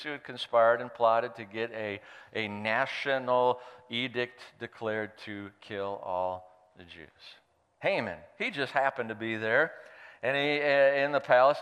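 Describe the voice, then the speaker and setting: A man's voice: mid-range voice, clear, resonant tone, long reverb tail. A man preaching, reading scripture aloud and adding playful, joking asides. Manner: playful, animated storyteller who jokes aside. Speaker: pastor.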